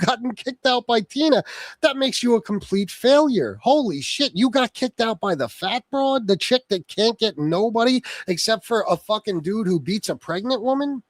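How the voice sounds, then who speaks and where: A man with a fairly high voice that leaps up and down hosts a livestream, firing off a profane, taunting rant. He talks straight into a close microphone, and the sound is dry with no room around it. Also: no echo. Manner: profane, taunting, insults someone by name. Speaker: livestream host.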